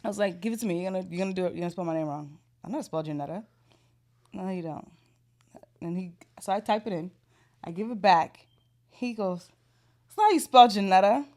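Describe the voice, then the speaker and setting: Sassy lady on a podcast, animated, playing up being offended. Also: mid-range voice, quick pace, long pauses. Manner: sassy, animated, mock-indignant. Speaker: podcast co-host. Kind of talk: casual storytelling chat.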